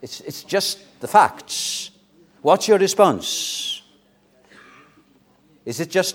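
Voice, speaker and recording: Impassioned preacher, lively pitch. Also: male voice, drawn-out words, pauses often. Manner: earnest, pleading preaching that swings between loud and soft. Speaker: pastor. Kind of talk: sermon. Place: church.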